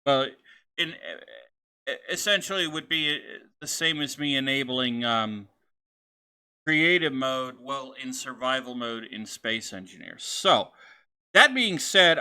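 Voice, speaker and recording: A man narrating his own game session in a loose, chatty let's-play style. His voice is bright and clear, with plenty of fillers and restarts as he wanders from one thought to the next. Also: mid-range voice. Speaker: gaming channel host.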